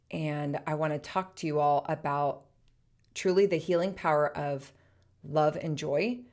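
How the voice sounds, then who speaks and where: Low-voiced chatty woman podcaster. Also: creaky, darkish tone. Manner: chatty, laughs often, many "like"s. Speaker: podcast host. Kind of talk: casual personal storytelling.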